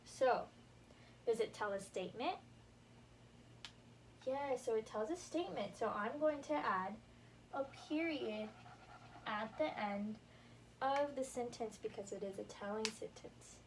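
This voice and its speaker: A young female teacher leads her class through a grammar lesson at the board, speaking slowly and deliberately in a slightly high, encouraging voice. A camera across the room captures her, so she sounds far off over faint room noise.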